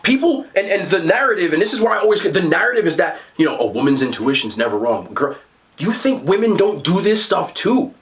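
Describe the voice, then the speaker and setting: A young man with a New Jersey accent, telling stories in casual chat as a podcast host. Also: fairly quick. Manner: animated storyteller, excited jumps in pitch.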